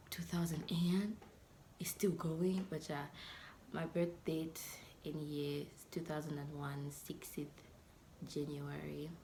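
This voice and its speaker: A woman's voice: sits low, gravelly, darkish tone, slight background noise. A young woman from Zambia in her twenties, chatting playfully to camera in a casual vlog and often dropping to a near-whisper. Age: 20s. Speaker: vlogger.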